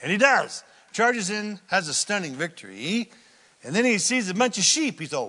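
A man preaching a sermon, telling the story with lively acted-out voices. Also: sits high, normal speed, big-room sound. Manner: animated storytelling, acts out quoted characters. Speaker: pastor.

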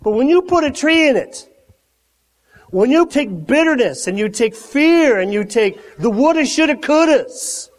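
A pastor preaching a sermon, acting out the Bible characters' lines in a lively, conversational way. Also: male voice, extremely high pitch, moderate pace. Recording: long hall reverb.

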